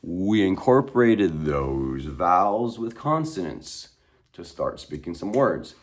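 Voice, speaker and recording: A man leading a vocal warm-up, talking deliberately slowly and drawing out every vowel as he explains and drills single words. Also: deep voice, sing-song. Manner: drawn-out elongated vowels, deliberately slow delivery.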